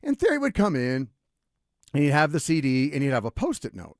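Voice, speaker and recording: A middle-aged man holds the mic on a sports talk show. His voice swoops up and down as he rambles through an animated story. The studio sound is close and dry, with no room echo. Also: medium pitch, brisk. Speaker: sports radio host. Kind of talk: casual radio talk and storytelling. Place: radio studio.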